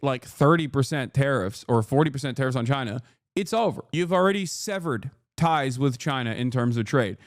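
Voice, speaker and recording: A man's voice: a little high, dry recording, clean studio sound. Profane heated male political streamer. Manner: profane, exasperated, mocking mimicry. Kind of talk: heated commentary reacting to news clips.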